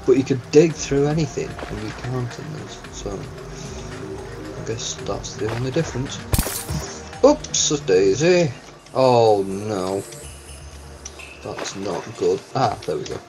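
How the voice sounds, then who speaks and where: A man's voice: lowish voice, takes it slowly, rough recording. A man giving let's-play commentary on a game, exclaiming and yelping as things happen. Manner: excitable, yelps and exclaims at game events. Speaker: gaming channel host. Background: game music.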